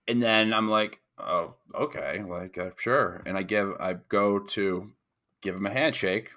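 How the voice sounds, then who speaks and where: A man's voice: fairly low pitch, fairly even intonation, unhurried. A young man from New York, a podcast co-host, telling a rambling story in casual chat and acting out other people's voices. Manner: rambling storytelling with loud mimicked voices and swearing.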